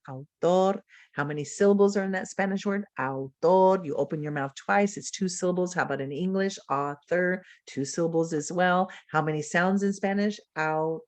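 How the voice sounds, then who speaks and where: Lady teaching teachers on a zoom call, kinda low voice, dry sound, acts out example sentences. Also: dry recording. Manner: explanatory, modeling words and phrasing for students. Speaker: presenter. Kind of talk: teacher-training webinar lecture. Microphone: computer mic on a video call.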